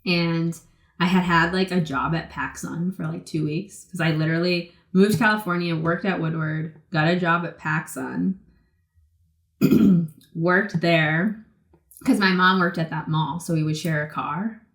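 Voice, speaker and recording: A woman in her twenties from the Boston area, telling stories in a casual interview, talking fast and loose with lots of "like" and acted-out quotes. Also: lowish voice, fairly even intonation, echoey room. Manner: chatty, many "like" fillers, acts out quotes. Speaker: guest, pro skateboarder.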